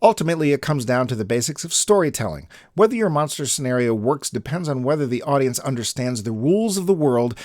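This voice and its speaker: A man's voice: medium pitch, very animated, fast, few pauses, darkish tone, no echo, clean studio sound. A man co-hosting a casual podcast, joking and reading listener quotes aloud. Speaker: podcast co-host.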